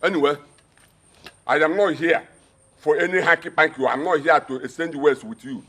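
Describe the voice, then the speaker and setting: A man's voice: fairly high pitch, moderate pace, sharp tone. An actor playing a sly, mocking male relative who taunts a loyal wife. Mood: taunting. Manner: taunting, sneering, smug. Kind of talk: film drama acting.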